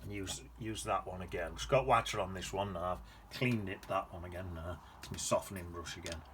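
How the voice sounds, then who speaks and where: Brief: lower-voiced man, relaxed painting tutor, rambles and mutters to himself while he works, faint room noise. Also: fairly quick. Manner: chatty, rambling self-talk with muttered asides. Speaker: painting teacher. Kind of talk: casual painting demonstration.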